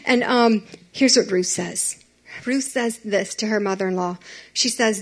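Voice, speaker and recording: A young woman, giving a chatty, animated youth sermon and talking straight to teenagers. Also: medium pitch, measured pace. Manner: chatty and animated, addressing teens directly.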